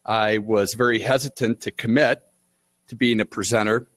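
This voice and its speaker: A man presenting at a conference panel as a state forester, speaking in a measured way with occasional fillers and restarts. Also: on the low side, steady tone, dry recording. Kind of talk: prepared conference talk. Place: conference room.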